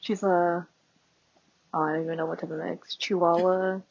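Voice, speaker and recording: A woman's voice: lowish voice, level tone, normal speed, creaky, darkish tone, dry recording. Give me a chatty, giggly woman podcast guest, recorded dry and a bit dull. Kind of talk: casual chat.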